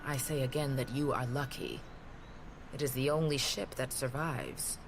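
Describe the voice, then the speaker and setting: A calm, grave tribal elder. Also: female voice, very deep voice, noisy background. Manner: measured and grave. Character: calm, weathered older woman tribal leader. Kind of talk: game voice acting. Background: game music.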